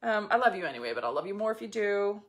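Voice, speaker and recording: A woman coach talking casually and bluntly to her viewers, swearing freely and in an animated way. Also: mid-range voice, fast talker. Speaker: business coach. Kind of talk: casual motivational talk to viewers.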